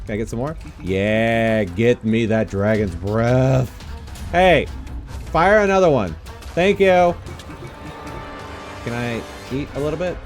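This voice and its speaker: A man commentating his own video game playthrough with excitable, joking reactions and frequent laughs. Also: medium pitch, takes it slowly, long pauses, soft background music. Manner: excitable, jokey, yelps and laughs. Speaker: gaming YouTuber. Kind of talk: Let's Play commentary.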